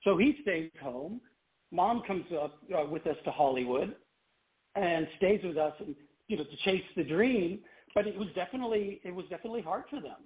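A middle-aged man from Canada who tells stories in an animated way and laughs often. His voice sits high for a man. The sound is narrow and tinny, like it came down a phone line. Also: brisk. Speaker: guest, former child pop singer. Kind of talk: casual interview storytelling.

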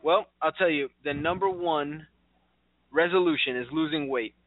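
A chatty, upbeat man hosts a casual talk show in a slightly high voice. His sound is dry and close, squeezed through a tinny, phone-like line. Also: normal speed, dry recording. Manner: chatty, upbeat, many fillers and restarts. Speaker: show host.

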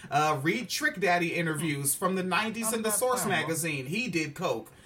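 A man's voice: high-pitched, lively intonation, moderate pace, sharp tone. A man hosting a casual podcast show review, talking animatedly and with profanity, often acting out quoted lines. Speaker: podcast host.

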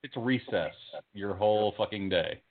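A man's voice: lowish voice, moderate pace, faint music behind. A man co-hosting a podcast, bantering, swearing and throwing out questions. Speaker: podcast co-host. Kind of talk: casual profane chat. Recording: phone-like lo-fi sound.

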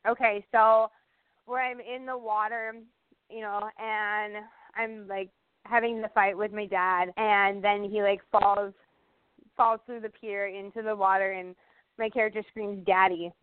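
A woman's voice: medium pitch, little pitch movement, a little slow, smooth, dry recording. A middle-aged woman, a guest actress, telling set stories in casual chat, emphatic and full of "you know what I mean". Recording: tinny dry phone-like line.

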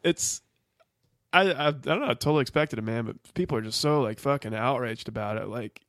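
A man's voice: mid-range voice, a little fast, fairly bright tone, no echo, studio quality. Rambling, profane podcast co-host man. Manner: rambling and profane, full of restarts and "like". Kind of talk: casual chat.

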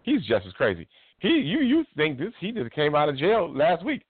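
A man's voice: on the high side, normal speed, breathy edge, dry recording. A man co-hosting a radio talk show, telling stories in casual talk and acting out what others said. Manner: expressive storyteller, acts out quotes, restarts often. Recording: tinny phone-like, dry.

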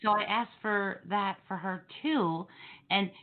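A woman with a New Jersey accent hosting a podcast, animated and teasing as she chats with her guests. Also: mid-range voice. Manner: animated, quick to laugh, teasing. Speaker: podcast host. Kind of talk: casual podcast interview. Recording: phone-like band-limited audio.

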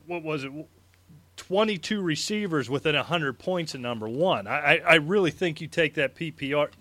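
A man's voice: on the high side, expressive, normal speed, pushed and bright. A man co-hosting a casual fantasy football show in a small studio, rambling and self-deprecating as he makes his point. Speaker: co-host. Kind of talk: casual sports chat.

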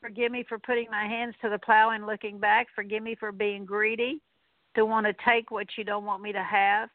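A woman's voice: medium pitch, level tone, a little fast, no echo. A woman minister leading a radio deliverance prayer, speaking earnest, repetitive declarations with occasional fillers. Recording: tinny narrow-band radio sound.

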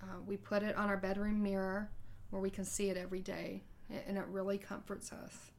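A woman's voice: medium pitch, monotone, brisk, gravelly, a little mellow. Woman host telling a personal story. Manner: conversational, acts out quoted dialogue with hesitations. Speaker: podcast host.

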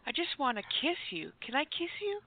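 A woman's voice: high voice, very animated, brisk, dry recording. A woman hosting a comic radio segment, gushing and giddy like a starstruck fan. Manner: gushing, giddy, breathless fangirl. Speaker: comedy segment host. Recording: phone-like narrow sound.

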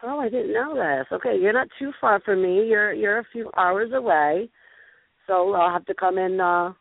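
A woman's voice: medium pitch, moderate pace, creaky, no room sound. Woman host, gushy chatty delivery, stumbles and restarts, thin phone-line sound, dry. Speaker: show host. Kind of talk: casual live call-in show chat.

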